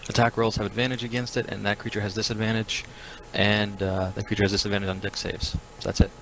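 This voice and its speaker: A man playing in an online tabletop game talks quickly in a lowish voice, reading rules aloud. Faint noise hangs over the call audio. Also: little pitch movement, fairly bright tone, rough recording. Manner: quick, apologetic about lag. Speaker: player. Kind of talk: casual chat over voice call.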